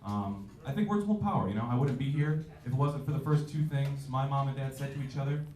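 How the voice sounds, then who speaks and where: A man's voice: mid-range voice, fast, darkish tone. A man in his twenties doing a stand-up comedy set, with a loose, self-mocking delivery and bursts of acted-out voices. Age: 20s. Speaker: stand-up comic. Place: comedy club stage. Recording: echoey club audio from far off.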